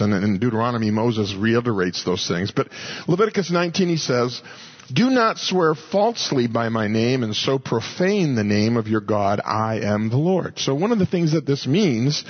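A man's voice: a little high, breathy edge, dull audio. A man pastor giving a sermon in a folksy, conversational storytelling way.

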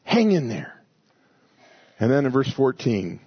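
A man's voice: medium pitch, sing-song, unhurried, breathy edge, highs cut off. A man preaching a sermon, emphatic and repeating short commands.

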